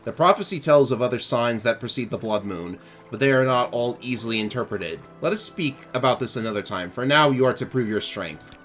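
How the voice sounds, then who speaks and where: A man's voice: mid-range voice, lively intonation, a little fast, fairly bright tone, soft background music, natural voice. A man reading aloud the lines of a solemn tribal elder who gives a quest in a game. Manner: reads game dialogue aloud.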